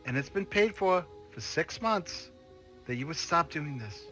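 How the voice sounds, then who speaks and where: A weary, nagging wife on a phone call, as a man puts her on, exasperated and guilt-tripping, then pleading for him to come home. Her voice is sharp and bright, with faint music behind it. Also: fairly high pitch, expressive, measured pace, pitched above the performer's own voice. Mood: accusing. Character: nagging fed-up middle-aged wife on the phone.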